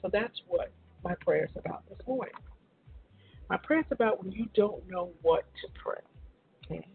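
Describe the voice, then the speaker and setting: A woman hosting a casual morning radio show, chatty and relaxed, with a raspy morning voice. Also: mid-range voice, moderate pace. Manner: chatty, laughs easily, many fillers. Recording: phone-line internet radio.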